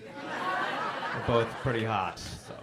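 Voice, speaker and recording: A man's voice: on the low side, extremely slow, very noisy. A man in his thirties doing a stand-up comedy set on a club stage, self-deprecating, with dry punchlines delivered to the crowd.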